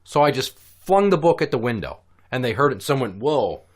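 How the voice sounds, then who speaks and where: A man hosting a casual podcast, telling stories in an animated, profane way. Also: mid-range voice, quick pace. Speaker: podcast host.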